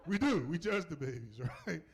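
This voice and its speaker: A middle-aged man from the South, performing a stand-up comedy set on a club stage and jumping into high mocking voices for the people he quotes. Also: big pitch swings, a little slow. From Southern United States.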